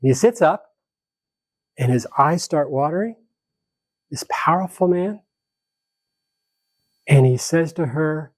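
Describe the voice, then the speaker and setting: Higher-voiced man telling a lively story. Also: slow, pauses often, no echo. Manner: animated, acts out quoted dialogue in the story. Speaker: conflict mediator giving a seminar. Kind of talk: storytelling lecture to a live group.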